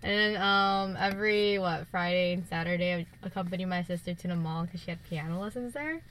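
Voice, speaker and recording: Bright-voiced young woman chatting. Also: on the low side, a little fast. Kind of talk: casual chat among friends.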